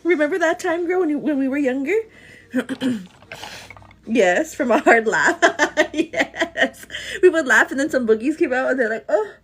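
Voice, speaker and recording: Speaking a little slowly in a high, somewhat bright and expressive voice, this livestream host is a young expectant mother from El Paso, Texas. She's giggly and chatty on her morning stream and says "girl" a lot.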